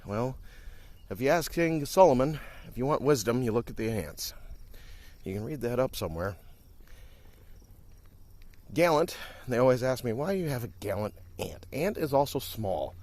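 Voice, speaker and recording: A man's voice: medium pitch, sing-song, normal speed, long pauses, a little mellow. A man from Wisconsin, chatting casually and a little out of breath as he walks outdoors along a country lane, filming on a handheld phone. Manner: rambling, chatty, talks while walking. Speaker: streamer. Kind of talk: casual walking vlog. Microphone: handheld phone while walking.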